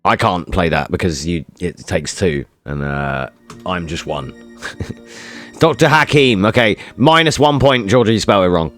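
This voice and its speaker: Over soft background music, a man with a low, slightly bright voice and lively intonation talks a little slowly. He's a streamer chatting casually with his viewers, cracking jokes, swearing plenty, and responding to chat.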